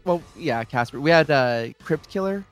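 A man hosting a casual podcast, relaxed and a bit hesitant, wrapping up the episode. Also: on the high side, moderate pace, faint music behind. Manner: relaxed, hesitant with fillers, signs off the show. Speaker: podcast host. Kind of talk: casual chat.

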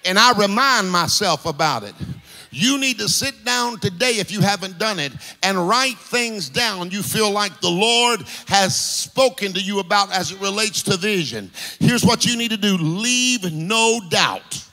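A man pastor preaching a sermon in a rhythmic, sing-song style that swells into shouts. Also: sits high, lively intonation, normal speed. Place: church sanctuary. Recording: reverberant hall with music underneath.

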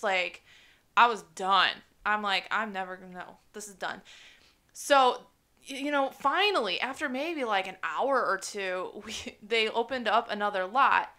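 A woman co-hosting a podcast, telling animated stories, acting out quotes and laughing often. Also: medium pitch. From Chicago area. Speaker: podcast co-host. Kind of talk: casual podcast chat.

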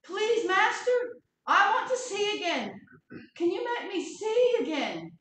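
Woman as a desperate blind beggar man, high shouting voice, pleading, booming echo, far from the mic. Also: big pitch swings, measured pace, heavily acted. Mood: earnest. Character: blind male beggar desperately crying out for healing. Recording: echoey church hall from far off.

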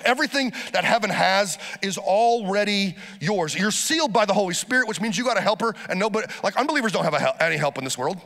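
A pastor delivering a lively sermon, urging the congregation to repeat phrases after him. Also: male voice, sits high, in a large hall.

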